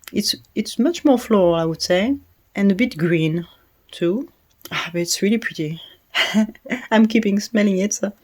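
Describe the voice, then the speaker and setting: Speaking in a fairly low, slightly mellow voice, this French-accented woman reviews a perfume. French is her native language, and her chatty, informal review is sprinkled with hesitations and small laughs.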